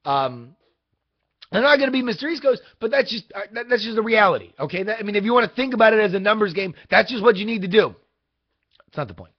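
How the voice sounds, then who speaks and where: A young man hosting a video, telling a casual, rambling story in an exasperated, animated way. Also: high-pitched, fast. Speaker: vlog host. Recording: dull lo-fi audio.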